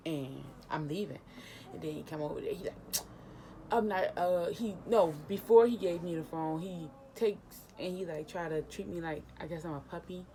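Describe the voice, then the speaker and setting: A young woman vlogger casually retelling a personal story, animated and emotional, acting out the dialogue. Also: on the low side, moderate pace, slight background noise.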